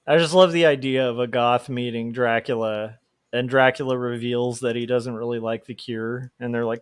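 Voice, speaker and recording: A man's voice: medium pitch, fairly even intonation, normal speed, smooth, dry recording, studio quality. A man chatting casually on a livestream while drawing, rambling and laughing often. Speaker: livestream host, comic artist.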